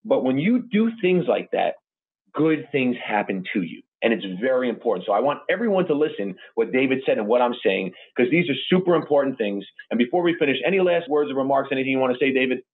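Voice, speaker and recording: A man's voice: mid-range voice, animated, fast talker, breathy edge. A man hosting a podcast, telling stories in a gushing, emotional way. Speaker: podcast host. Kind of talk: interview podcast chat. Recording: tinny phone-like line.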